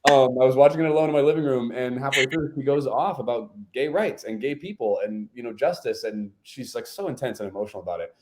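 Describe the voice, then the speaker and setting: A man's voice: medium pitch, fast talker, hardly any pauses, a little mellow. A man, a podcast guest, telling a personal story in earnest conversation, often saying "like" and "right?".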